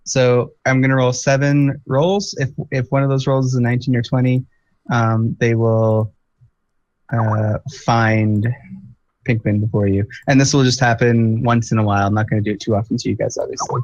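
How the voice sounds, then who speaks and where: A man's voice: mid-range voice, little pitch movement, moderate pace, a little mellow, no echo. A man running a tabletop game as game master, thinking aloud with many fillers. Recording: dull lo-fi dry recording.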